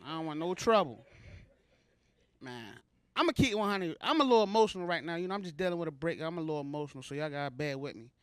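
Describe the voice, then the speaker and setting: High-voiced man from Baltimore doing stand-up. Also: animated, fast, fairly bright tone, clear, resonant tone, dry recording, clean studio sound. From Baltimore, USA. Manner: loose, conversational, self-mocking delivery. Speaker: stand-up comedian. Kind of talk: stand-up comedy set. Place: comedy show stage before a live audience.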